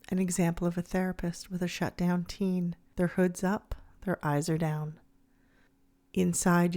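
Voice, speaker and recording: A woman host giving scripted reflective narration, soft, slow and soothing. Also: lowish voice. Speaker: podcast host.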